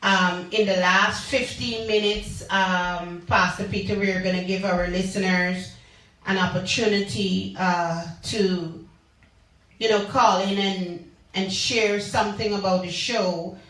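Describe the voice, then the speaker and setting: A woman hosting a call-in radio talk show, chatting slowly and calling out her listeners by name. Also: mid-range voice, fairly even intonation, fairly bright tone. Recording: echoey, distant from the mic.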